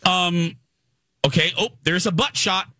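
A woman's voice: fairly low pitch, a little slow, no echo, clean studio sound. A woman co-hosting a radio show, describing a scene live as she watches it. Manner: excited play-by-play of what she watches. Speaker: radio co-host. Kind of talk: casual radio banter, live reacting.

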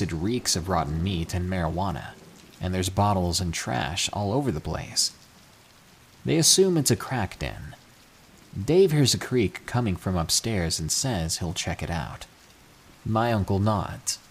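A man reading true scary stories aloud, with an expressive storytelling delivery. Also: low-pitched, unhurried, breathy edge. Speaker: narrator.

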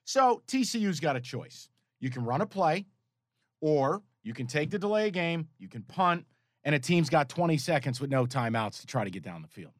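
A man's voice: on the high side, sing-song, moderate pace, dry recording, clean studio sound. A man co-hosting a sports betting podcast, telling stories in a profane, exasperated way. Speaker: podcast co-host. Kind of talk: casual sports betting chat.

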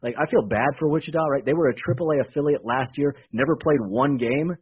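A man talking casually in a radio interview, animated and repeating words as he explains. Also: fairly high pitch, fast, breathy edge, highs cut off. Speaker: baseball team executive guest.

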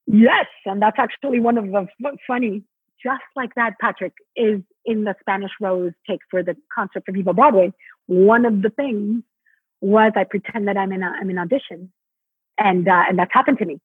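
A woman from Mexico speaks over a tinny phone line, her voice husky and a little high. She talks animatedly, restarting her sentences as she goes. The sound is dry, with no room around it. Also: moderate pace, no room sound. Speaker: Broadway actress guest. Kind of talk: casual interview talk.

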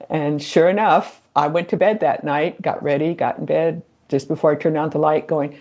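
A middle-aged woman recounting childhood memories in an interview, unhurried and full of pauses. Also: low-pitched, darkish tone. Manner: slow, unhurried storytelling with pauses. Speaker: interview guest. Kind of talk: storytelling in an interview.

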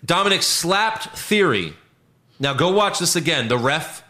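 A man's voice: a little high, unhurried. A man co-hosting a casual podcast, recapping wrestling with jokes and swearing. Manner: animated, joking, swears freely. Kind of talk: casual chat.

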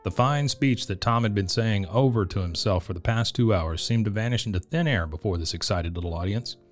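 A man reading a children's Christmas story aloud in a gentle, measured way. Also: on the low side, soft background music. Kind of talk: storybook narration.

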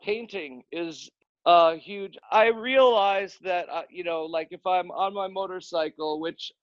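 A man's voice: sits high, measured pace, no echo, lo-fi sound. A man guesting on a podcast, talking in a loose, rambling way with frequent restarts and casual swearing.

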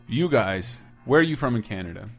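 A man's voice: medium pitch, animated, fairly quick, faint music behind. A young American man hosting a casual podcast, a little drunk, joking and rambling with frequent laughter. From United States. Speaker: podcast host.

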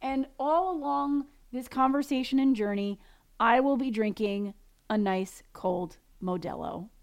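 A woman's voice: fairly high pitch, unhurried. A woman co-hosting a casual sports podcast, chatty with frequent fillers. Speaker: podcast co-host.

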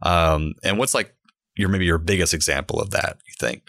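A man's voice: low-pitched, moderate pace, gravelly, a bit bright, dry recording, studio quality. A man chatting casually about tabletop games, telling stories and laughing often. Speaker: tabletop gamer in a podcast conversation. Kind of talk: casual chat.

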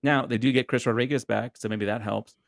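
A man's voice: medium pitch, fairly even intonation, fairly quick, vocal fry, no echo, clean studio sound. A man co-hosting a podcast, chatting casually about sports picks with frequent laughs and hesitant fillers. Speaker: podcast co-host. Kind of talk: casual sports betting chat.

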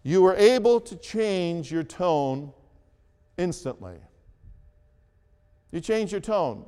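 A man preaches a sermon in a slow, measured way, repeating key phrases and lifting his voice for emphasis. His voice sits a little high and sounds smooth and resonant. The long reverb of a large church hall trails each line. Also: darkish tone. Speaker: pastor.

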